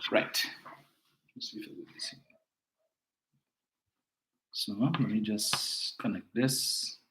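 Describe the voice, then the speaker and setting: A man's voice: fairly low pitch, slow pace, bright, forceful tone, reverberant, rough recording. A man with a Trinidadian accent hosting a political call-in show, talking in an indignant, emphatic way and often repeating his words. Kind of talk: political commentary.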